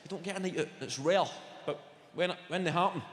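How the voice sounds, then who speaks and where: A man's voice: high voice, a little fast. A young Scottish man doing live stand-up comedy, teasing the front row and swearing freely. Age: young adult. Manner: crowd banter, sweary and teasing. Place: large theatre stage, indoors. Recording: roomy live hall with loud crowd.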